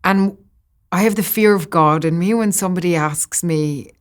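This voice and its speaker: An Irish woman in her thirties, a guest actor chatting casually in an interview, lively and often laughing. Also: lowish voice, moderate pace. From Ireland.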